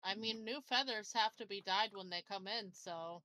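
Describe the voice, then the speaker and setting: A woman talks as a player at a tabletop game in a calm, matter-of-fact manner. Her voice is recorded dry and close, with almost no room echo. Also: medium pitch, moderate pace. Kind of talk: casual tabletop play.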